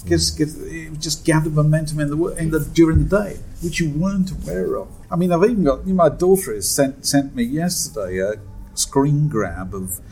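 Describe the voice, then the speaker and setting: A man's voice: a little high, normal speed, darkish tone, a little hiss or hum, poor audio. A man, a guest in a pub chat, telling wry anecdotes and laughing easily. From Britain. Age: 60s. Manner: wry, storytelling, chuckles often. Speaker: guest author. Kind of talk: conversational anecdote.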